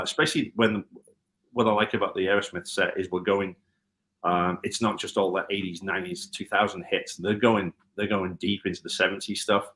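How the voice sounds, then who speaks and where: A man from Liverpool speaks in a somewhat low voice, his Scouse accent blended with an American lilt. He tells road stories in a relaxed, rambling way, full of ums and self-corrections. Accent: Liverpool (Scouse), with some American mixed in. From Liverpool, England. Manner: rambling storyteller, many ums and restarts. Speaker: guitar tech. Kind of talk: casual interview chat.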